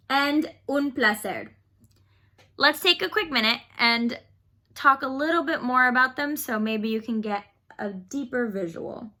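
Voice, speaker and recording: A woman's voice: sits high, pushed and bright. A woman teaching a beginner Spanish lesson online, explaining phrases patiently and leading repeat-after-me drills.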